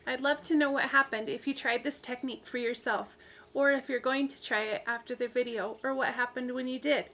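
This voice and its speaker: Bright-voiced woman demonstrating crafts. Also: high-pitched, fairly even intonation, fairly quick. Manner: plain-spoken, practical, hesitant with fillers. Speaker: crafting video host. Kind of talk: casual demonstration tutorial.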